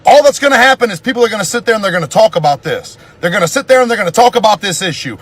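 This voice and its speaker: Angry high-voiced man ranting. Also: expressive, very fast, few pauses, fairly bright tone, breathy edge, no echo. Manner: profane, heated, repetitive ranting. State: furious. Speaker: vlogger. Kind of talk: angry rant video.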